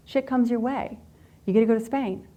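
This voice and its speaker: A woman giving a motivational talk to a live group, telling stories in a candid, animated way and swearing freely. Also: on the high side, normal speed. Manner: candid, profane, animated storyteller. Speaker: workshop speaker.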